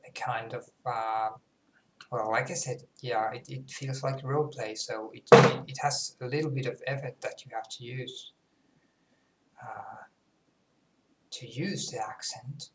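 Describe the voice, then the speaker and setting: A young Finnish man, a native Finnish speaker, carefully works at a British RP accent in an unhurried, halting delivery. He sounds self-conscious and pauses often as he chats casually for a vlog. The room is echoey and has a faint hum of background noise. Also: mid-range voice, steady tone. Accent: Finnish speaker attempting British RP. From Finland. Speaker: language student.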